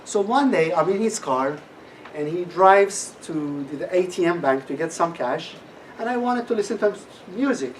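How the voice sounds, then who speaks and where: A man's voice: sits high, animated, moderate pace. A middle-aged man gives a personal testimony talk at a class, telling his story with animation and acting out the voices of people he quotes. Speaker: guest speaker at a class. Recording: distant mic with faint room noise.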